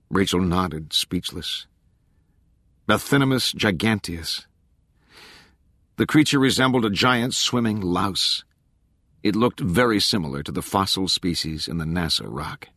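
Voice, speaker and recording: Audiobook narrator: man, lowish voice, dry booth sound, steady novel reading. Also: unhurried, pauses often, no echo. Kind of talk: scripted narration.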